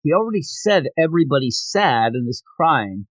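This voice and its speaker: A man's voice: on the high side, normal speed, dry recording, poor audio. A man hosting a podcast, chatting casually and rambling through a manga chapter recap. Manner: rambling, animated, acts out quoted lines. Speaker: podcast host.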